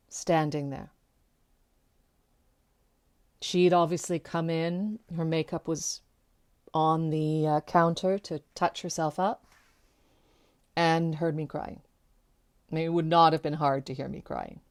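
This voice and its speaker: A woman's voice: low voice, a little mellow. A woman telling a personal story to camera, candid and conversational, loose with little fillers. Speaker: keynote speaker.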